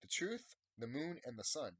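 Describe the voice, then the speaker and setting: Very animated at a normal speed, this man's mid-range voice is a bit bright, with no echo. A YouTuber in his thirties, he delivers a casual, unscripted, emphatic monologue to subscribers, rambling and repeating himself.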